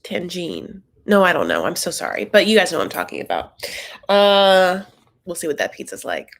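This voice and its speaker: Host, woman, casual live-stream recap delivery, chatty and tangential with animated high spikes. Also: moderate pace, creaky.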